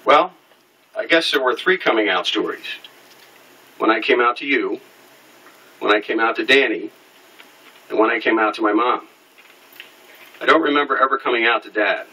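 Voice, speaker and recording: A man's voice: mid-range voice, expressive, moderate pace, long pauses, bright, forceful tone, breathy edge, far from the mic, poor audio. A middle-aged man telling a personal story in an interview, candid and wry, acting out the people he quotes.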